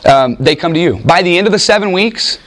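Animated man teaching a church class. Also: high-pitched, a little fast. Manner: animated, with frequent restarts and acted-out quotes. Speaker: Bible teacher. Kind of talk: informal teaching talk with anecdotes.

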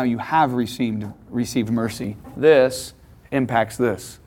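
A middle-aged man preaches in a relaxed, conversational style, talking to his listeners directly. On key phrases he lifts his voice and slows down to press the point. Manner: conversational, emphatic preaching with rising pitch on key lines. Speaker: pastor. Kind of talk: teaching sermon.

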